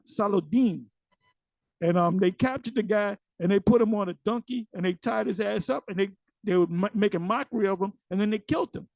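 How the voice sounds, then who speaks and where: High-pitched guy with a gravelly edge, loose rambling preaching, slows down to read verses, dry close sound. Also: darkish tone, dry recording. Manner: loose, conversational, many restarts, slows down to read scripture. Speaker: religious elder and teacher. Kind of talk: casual religious commentary with scripture reading.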